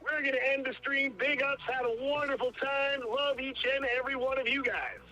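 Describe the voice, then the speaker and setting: Brief: man putting on a hyped young streamer guy, higher and brighter, over a dull phone line. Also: a little fast. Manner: repeats catchy hype phrases. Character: upbeat young male travel streamer signing off.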